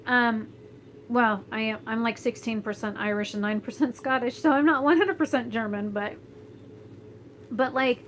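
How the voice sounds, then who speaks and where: A young vlogger from Florida chats to camera at home while doing her hair and reading the live chat. Her fairly high voice moves at a moderate pace, blunt and rambling, full of fillers and restarts. The audio is poor, with a little hiss or hum.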